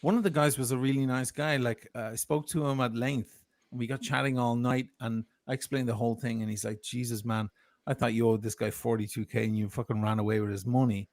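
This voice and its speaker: A man's voice: mid-range voice, steady tone, brisk, darkish tone, dry recording. A man telling a heated, profane story of grievance as a guest on a livestream. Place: lives in Italy.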